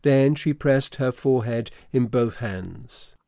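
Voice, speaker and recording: A male narrator tells a classic story in a measured way. His voice has a gravelly texture, and the recording is dry and close. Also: mid-range voice, warm tone, no echo. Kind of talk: scripted narration.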